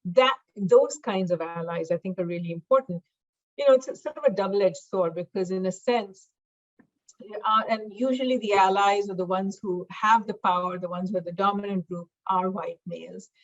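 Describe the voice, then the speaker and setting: A middle-aged woman guest on a podcast, speaking in a measured way with many fillers. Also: medium pitch, dull audio. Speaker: podcast guest, diversity expert. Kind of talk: conversational interview.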